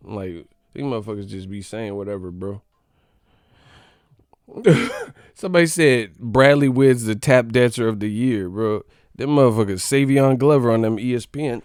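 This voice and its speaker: A man's voice: mid-range voice, normal speed, darkish tone, clear, resonant tone, no echo, clean studio sound. A man hosting a casual boxing chat, ranting and joking with lots of profanity. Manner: profane, joking, riffing rants. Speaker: boxing commentary host.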